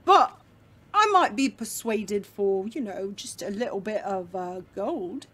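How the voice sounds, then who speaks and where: A woman's voice: mid-range voice, expressive, a little slow, fairly bright tone. Woman doing a grumpy, greedy lumber merchant. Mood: grumpy haggling. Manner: gruff, haggling. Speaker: game master.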